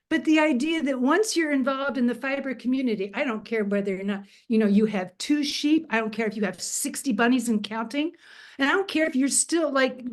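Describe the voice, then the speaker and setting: A woman, a magazine founder, tells a self-deprecating story in a casual interview over a video call. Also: high-pitched. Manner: chatty, self-deprecating anecdotes with laughs.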